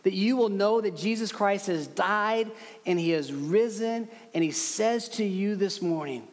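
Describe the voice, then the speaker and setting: Pastor, male, high voice, earnest emphatic sermon, long hall reverb, slow weighty pauses.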